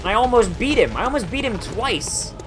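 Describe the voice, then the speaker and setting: Brief: male game streamer, a bit high-pitched, very lively swings in pitch, profane and sarcastic, game music audible underneath. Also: moderate pace. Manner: profane, sarcastic, frustrated outbursts. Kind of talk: casual gameplay commentary.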